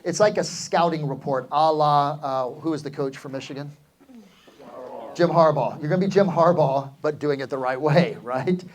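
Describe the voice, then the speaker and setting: A middle-aged man leads a live seminar with real estate agents, speaking in an energetic coaching tone. He keeps turning to the crowd with quick questions and calls for answers. His voice sits a little higher than most men's. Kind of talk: live seminar talk to an audience.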